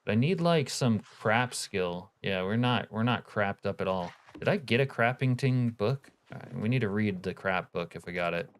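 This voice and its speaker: A man's voice: on the low side, lively intonation, normal speed, few pauses, clean tone. A man live-streaming a game, chatting casually, reading viewer comments aloud and swearing offhand. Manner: laid-back, profane, reads chat aloud.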